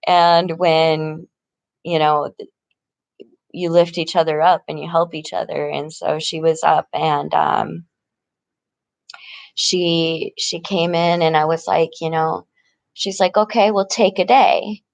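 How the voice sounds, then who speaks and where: A woman's voice: low voice, little pitch movement, slow pace, creaky, pauses often, no room sound. A woman talking casually in a rambling personal vlog, laughing often between her sentences. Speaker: vlogger. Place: tent in an encampment.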